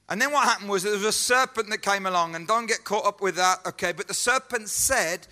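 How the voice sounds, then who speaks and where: A man's voice: sits high, brisk, few pauses, pushed and bright. A man preaching a sermon as pastor, earnest and emphatic, repeating key phrases and asking rhetorical questions. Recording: echoey hall.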